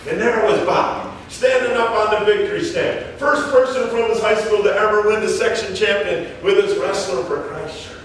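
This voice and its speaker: Male wrestling coach from San Diego; animated, high-pitched storyteller; recorded from far off in an echoey gym with faint noise. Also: normal speed, hardly any pauses. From San Diego, California. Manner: animated storyteller, acts out the quotes. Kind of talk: motivational faith talk with stories.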